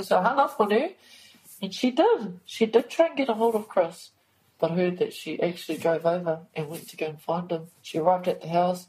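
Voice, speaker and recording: A woman's voice: lowish voice, fairly quick, background noise. A woman recounting events in a recorded account, emotional, swearing and acting out what people said. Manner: emotional, swears, re-enacts dialogue.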